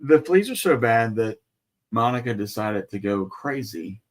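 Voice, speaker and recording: A man's voice: medium pitch, lively intonation, measured pace. Guy on a livestream, medium voice, dry teasing banter, casual. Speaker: livestream co-host. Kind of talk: casual chat.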